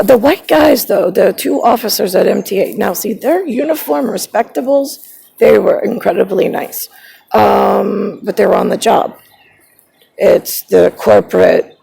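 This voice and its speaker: Woman vlogger, rough vocal fry, husky tone, agitated rambling rant with lots of swearing. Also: mid-range voice, warm tone, poor audio. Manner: agitated, swearing, drifting between topics.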